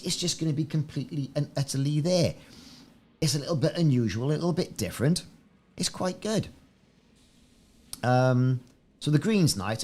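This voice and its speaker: In a medium-pitched voice with a darkish tone, a man streams gameplay live and chats casually with viewers. His talk is musing and rambling, and he frequently says the same things over again.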